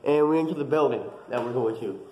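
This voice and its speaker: A young man vlogging, telling a dream story in a casual, animated way with lots of fillers. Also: mid-range voice, fast, echoey room, highs cut off. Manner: animated, dramatic retelling with many fillers.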